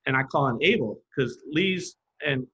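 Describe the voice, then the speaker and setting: A man with a husky, slightly rough voice, recounting stories in a loose, animated way. He slips into other people's voices when he quotes them. The audio is a little dull, like a modest podcast setup. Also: medium pitch, moderate pace. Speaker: graffiti artist guest. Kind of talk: casual storytelling.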